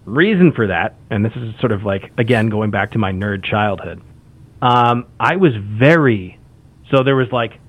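A man's voice: on the low side, lively intonation, moderate pace. A man in casual chat, talking enthusiastically and rambling with frequent restarts. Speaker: podcast guest. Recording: phone-like lo-fi audio.

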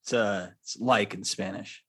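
Low-voiced young man in easy banter. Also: fairly even intonation, unhurried, fairly bright tone, dry recording. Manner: teasing, easygoing banter. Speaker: podcast co-host. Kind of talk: casual podcast chat.

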